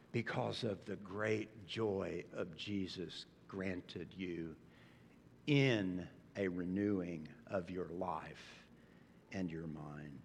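A male pastor delivering a sermon, animated and expressive, sometimes acting out incredulous reactions. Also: lowish voice, in a large hall, slight background noise.

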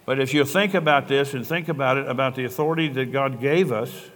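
A man's voice: mid-range voice, fairly quick, a bit bright. Older male pastor, conversational sermon, earnest storyteller, church hall with long echo. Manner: earnest storytelling, conversational preaching with quoted dialogue. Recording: long reverb of a large hall.

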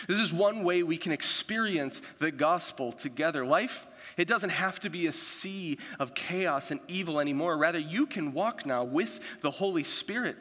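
A man's voice: a little high, a little slow, bright, forceful tone. A man preaching a sermon as pastor, in a conversational storytelling way with quoted asides. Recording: long hall reverb.

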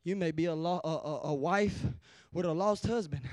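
A young adult man preaching a sermon, shouting in rhythmic bursts and dropping to hushed near-whispers. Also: fairly high pitch, no room sound. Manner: drops to a hushed near-whisper in slow passages.

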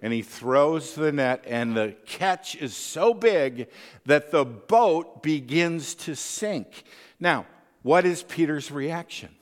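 A man's voice: on the high side, expressive, takes it slowly, long reverb tail. A man preaching a sermon as pastor, conversational, often checking in with the listeners with tag questions.

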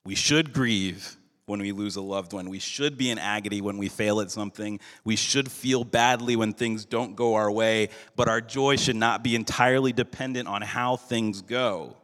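A male pastor giving a sermon in an earnest, measured way, slowing down for emphasis. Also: lowish voice, a bit bright. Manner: earnest, measured preaching with slowed emphatic phrases. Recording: long hall reverb.

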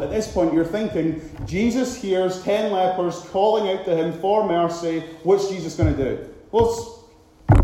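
A man preaching a sermon with dramatic delivery, now and then acting out loud shouted cries. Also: high-pitched, a little hiss or hum. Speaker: pastor. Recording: very echoey hall.

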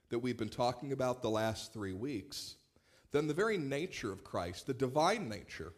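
A man, a pastor, preaching a sermon in a relaxed, storytelling way with light humor. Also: mid-range voice, slightly rough. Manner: conversational storytelling with warm humor.

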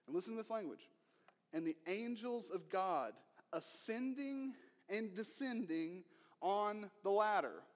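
A male pastor preaching a sermon in an earnest way, moving between emphatic lines and hushed ones. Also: sits high, lively intonation, a little slow, in a large hall.

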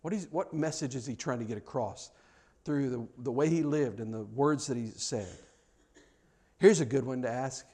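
A middle-aged man preaching a sermon as pastor, earnest and animated, often repeating words as he restarts his sentences. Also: mid-range voice, moderate pace.

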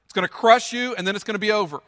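Speaking very fast, a pastor preaches earnestly and emphatically in a church sanctuary, driving points home by saying them again. The large room adds a long reverb to his high, bright voice.

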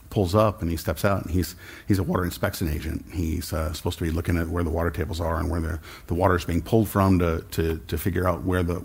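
Husky low-voiced man preaching conversationally. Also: darkish tone. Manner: conversational preaching with frequent restarts. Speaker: pastor. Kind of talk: sermon.

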